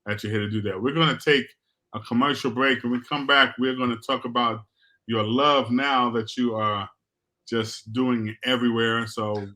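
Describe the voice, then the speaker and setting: A man's voice: medium pitch, steady tone, normal speed, bright, forceful tone. A man hosting a talk show, affirming his guest and moving the show along. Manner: affirming, keeps saying right.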